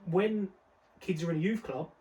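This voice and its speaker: Young man with a high voice. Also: moderate pace, dark tone, recorded from a distance, rough recording. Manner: street slang, emphatic, repeats words. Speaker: podcast co-host. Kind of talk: casual discussion.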